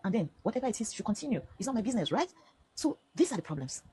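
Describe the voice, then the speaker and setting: A woman's voice: a little high, very animated, rapid-fire, crowd noise, rough recording. A middle-aged Nigerian woman with a Nigerian accent, telling her story straight to camera in an impassioned, pleading way. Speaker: social media vlogger. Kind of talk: direct-to-camera personal statement.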